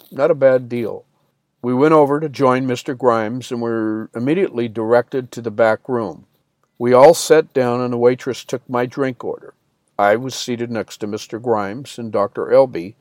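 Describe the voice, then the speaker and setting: A man tells a first-person story as an audiobook narrator, his voice sitting in an ordinary middle register. He reads in a plain, unhurried way and lifts his voice slightly when quoting dialogue. The recording is close and dry, with no room sound. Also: mid-range voice, no room sound.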